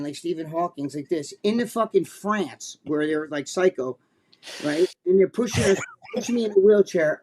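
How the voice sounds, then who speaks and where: A man with a high voice tells a profane story on a talk show. He is animated and acts out the people he quotes as he complains. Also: a little hiss or hum. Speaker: co-host.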